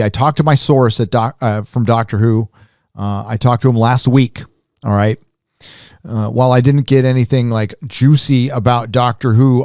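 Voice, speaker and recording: Male live-stream host, mid-pitched, dry close sound, loose rambling delivery. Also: no room sound. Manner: rambling, animated, many fillers and restarts. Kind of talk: casual live-stream commentary.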